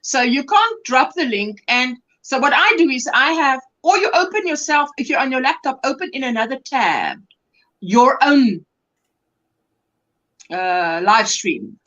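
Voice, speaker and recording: A woman co-hosting a casual livestream, explaining things patiently in an animated way. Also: high voice, measured pace, lo-fi sound. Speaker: co-host on a livestream. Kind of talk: casual chat.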